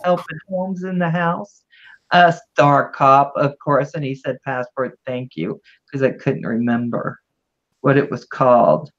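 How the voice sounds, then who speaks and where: A woman's voice: extremely low pitch, measured pace. Chatty woman hosting a lo-fi livestream. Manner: chatty, affectionate greetings to viewers. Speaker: livestream host. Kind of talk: casual livestream chat.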